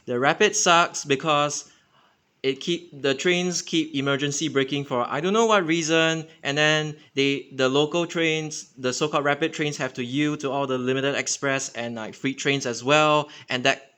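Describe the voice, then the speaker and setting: A man's voice: fairly high pitch, steady tone, measured pace, pushed and bright, clean tone. A man with a Singaporean English accent giving an unscripted, casual explainer, rambling with many fillers and self-corrections. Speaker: transit enthusiast channel host.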